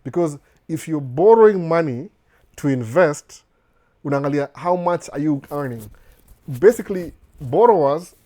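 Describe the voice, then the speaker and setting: A man with a Kenyan accent softened by a slight American tinge hosts a live question-and-answer session, reading out viewer questions one by one. He answers in a relaxed, mellow voice, giving down-to-earth advice and often breaking off and restarting his words. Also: fairly high pitch, normal speed. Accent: Kenyan with a slight American touch. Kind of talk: live Q&A chat.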